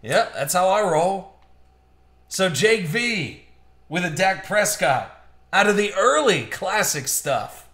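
A man's voice: high voice, animated, slow, a bit bright, echoey room. A man hosting a live-streamed trading card box break, chatty and upbeat, joking with viewers as he opens packs. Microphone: streaming mic.

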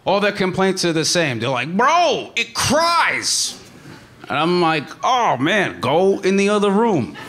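A young man with a slightly raised voice delivers stand-up in a deadpan, halting way, full of uh fillers, while his pitch swings widely. Clear noise runs under the stage recording. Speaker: stand-up comedian. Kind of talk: stand-up comedy set.

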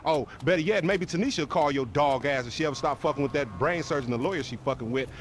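A man's voice: fairly high pitch, fast, a little hiss or hum, close to an everyday voice. An actor playing a brash young male street hustler in video game dialogue, crude and mocking in his trash talk. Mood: taunting.

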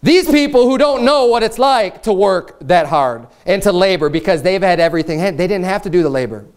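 A man delivers a sermon in an earnest, emphatic way and repeats his key phrases to drive them home. His voice sits somewhat high for a man, with a smooth and resonant tone. He shifts into a formal, old-fashioned cadence when he reads scripture aloud. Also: expressive, fairly quick. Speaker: pastor.

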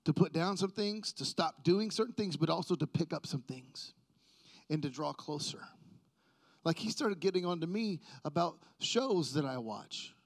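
A middle-aged male pastor preaching a sermon in a church, conversational and self-deprecating, joking with the congregation. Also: on the high side.

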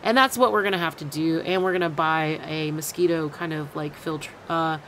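Podcast co-host, woman, lower register, animated and chatty, heavy on fillers. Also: normal speed, slight background noise. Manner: animated storyteller, many fillers, laughs often. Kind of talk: casual chat.

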